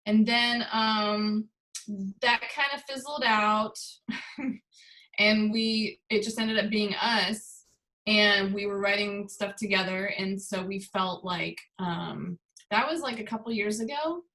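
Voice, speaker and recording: Slow-speaking bright-voiced woman musician. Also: medium pitch, poor audio. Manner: unhurried, thoughtful, many fillers. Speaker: musician guest. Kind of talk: casual interview.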